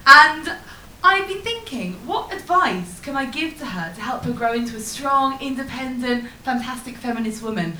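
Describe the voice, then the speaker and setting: A woman's voice: sits high, animated, normal speed, pushed and bright. A woman doing chatty stand-up patter on stage, with dry asides. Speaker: comedian and singer. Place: comedy stage with a live audience. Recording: echoey live room with faint noise.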